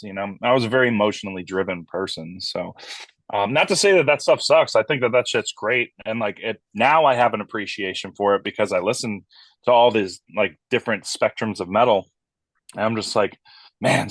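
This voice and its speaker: Animated, profane metal vocalist, dry sound. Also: male voice, on the low side, brisk, no echo. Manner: animated storyteller, swears freely, acts out quoted voices. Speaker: metal band vocalist, guest. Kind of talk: casual interview chat.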